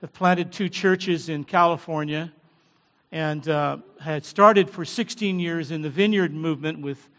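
A middle-aged American man preaching as a guest pastor, humble and halting, with many fillers. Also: on the high side, a bit bright. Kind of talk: sermon. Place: large church hall. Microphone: handheld or headset mic. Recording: long church hall reverb.

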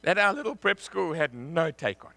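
A man preaching a sermon, telling a personal story in an animated way and laughing often. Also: a little high, normal speed, creaky, dry recording.

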